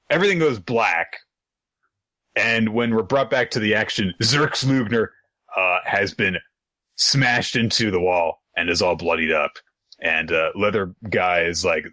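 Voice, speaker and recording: A man's voice: low-pitched, pushed and bright, no room sound. A man co-hosting a podcast, recapping manga chapters in casual chat, acting out characters in jokey voices and swearing freely. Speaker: podcast co-host.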